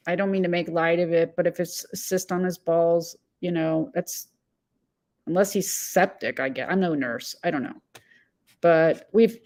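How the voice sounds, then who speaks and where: A woman hosting a casual live-stream commentary, agitated and blunt, reading chat messages and answering viewers by name. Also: fairly low pitch. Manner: rambling with fillers and self-corrections.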